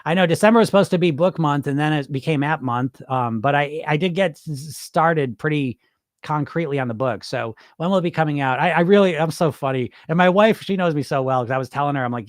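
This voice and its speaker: A man's voice: a little high, lively intonation, quick pace, no room sound, clean studio sound. A middle-aged man coaching on weight loss in a loose, rambling live-stream chat, swearing casually and restarting his sentences.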